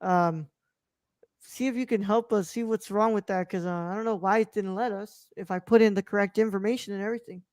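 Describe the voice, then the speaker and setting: A man's voice: high-pitched, steady tone, a little fast, darkish tone, no echo, studio quality. A man co-hosting a podcast in casual chat, rambling with lots of fillers like "what's it called". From United States. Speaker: podcast co-host.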